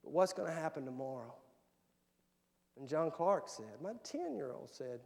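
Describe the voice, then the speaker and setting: A man's voice: medium pitch, unhurried, gravelly, pauses often, a little mellow, in a large hall. A male pastor preaching a sermon and telling personal family stories. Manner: tells personal family anecdotes, quoting his kids. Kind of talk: sermon storytelling. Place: church sanctuary.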